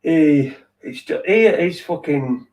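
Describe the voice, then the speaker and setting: A man's voice: a little high, expressive, slow pace, darkish tone, a little hiss or hum. A middle-aged man, rambling in sweary, wry late-night chat as a podcast host, heard from a little way off the mic. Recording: distant from the mic.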